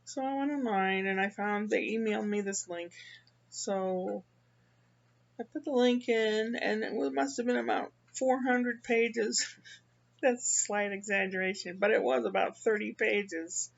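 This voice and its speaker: An older woman from the Midwest talks in a loose, rambling way, stopping and restarting her sentences often. Her voice has a gravelly, creaky edge at a middling pitch. The recording sounds slightly dull and lo-fi. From American Midwest. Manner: rambling, halting, with many restarts. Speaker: vlogger. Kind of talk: casual personal monologue.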